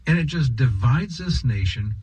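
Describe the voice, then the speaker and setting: Sarcastic husky-voiced man commentating. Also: medium pitch, animated, normal speed, a little mellow, rough recording. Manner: sarcastic, rhetorical questions, emphatic. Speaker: political commentator. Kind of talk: opinion monologue.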